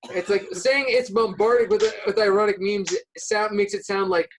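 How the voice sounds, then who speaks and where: A man's voice: high voice, moderate pace, low-quality recording. A man speaking as a guest on a casual podcast, hesitant, full of "like" and "uh", often restarting his sentences. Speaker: podcast guest, subreddit moderator.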